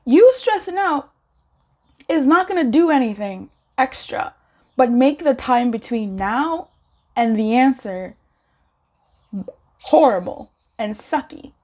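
A woman giving a casual pick-a-card tarot reading, chatty and encouraging, laughing often and rising in pitch when animated. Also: takes it slowly, pauses often. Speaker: tarot reader.

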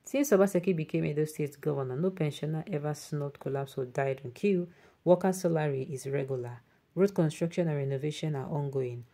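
A woman's voice: sits low, fairly quick, warm tone. A woman with a Nigerian accent hosting an online news show, reading viewer comments aloud and mixing in emphatic Pidgin asides.

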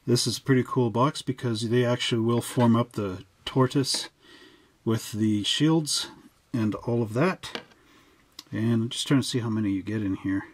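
Male hobby host, mid pitch, casual and digressive, dry close recording. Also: moderate pace, dry recording. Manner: chatty and digressive, with joking asides. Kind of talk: casual hobby explainer, showing model kits.

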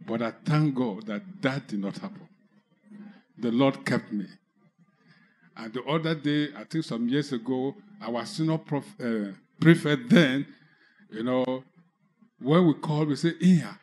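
A man preaching with a Nigerian English accent, telling a personal conversion testimony slowly, with halting restarts. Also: mid-range voice, a little mellow. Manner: slow, halting storytelling with restarts. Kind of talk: testimony sermon.

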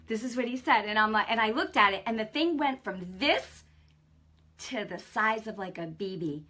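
A middle-aged woman hosting a faith show, telling a personal testimony in an animated, conversational way and acting out the dialogue. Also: mid-range voice, normal speed. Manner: animated storytelling, acts out dialogue; conversational, many fillers. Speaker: host.

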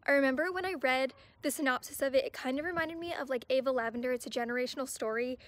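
A woman chatting in a casual book vlog, gushing over a book she has just received and talking with breathless excitement. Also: high-pitched, fast talker. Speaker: book vlogger.

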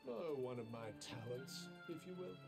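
A talking magic bracelet played by a man, formal and wryly superior in a video game. His delivery is dry yet lively in pitch, over loud game music. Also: moderate pace, lightly acted. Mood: dry, lofty.

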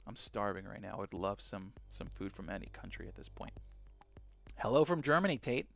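A man hosting a live reaction stream on a broadcast headset, chatting casually and excitedly with viewers. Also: lowish voice, fairly quick, gravelly, soft background music.

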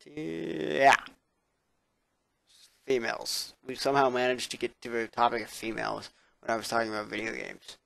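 A young man rambles to his webcam late at night, tired and sarcastic, with plenty of swearing. His voice sits at an ordinary pitch. The sound is dry and close, with no room echo. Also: steady tone, normal speed, vocal fry, long pauses, fairly bright tone. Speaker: vlogger. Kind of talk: casual rambling vlog. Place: indoors at his computer.

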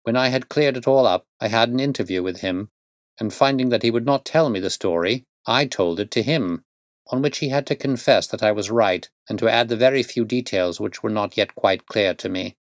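A man voicing a calm, stern male detective who explains things in a measured, precise way. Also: lowish voice, dry recording, clean studio sound, lightly acted.

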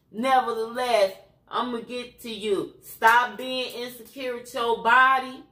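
Slow, preachy Chicago woman ranting. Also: on the high side, bright, forceful tone, echoey room. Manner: blunt, preachy, streetwise. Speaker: YouTuber. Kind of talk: ranting commentary livestream.

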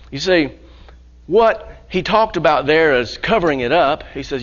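A man's voice: on the high side, expressive, unhurried, long pauses, lo-fi sound. A male pastor preaching a sermon in church, restarting phrases, repeating words and chuckling often.

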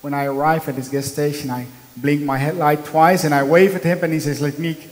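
This conference speaker, a man in his thirties from the Netherlands, talks briskly in a steady voice on the high side. He gives an earnest, emphatic motivational talk, telling stories in second-language English with a Dutch accent and small slips. The low-quality recording has big-room sound.

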